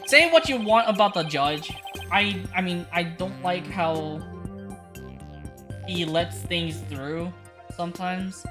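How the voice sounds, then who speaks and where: A young woman giving casual let's-play commentary, chatty, excitable and laughing often. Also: fairly low pitch, slow, pauses often. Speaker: game streamer. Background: game music.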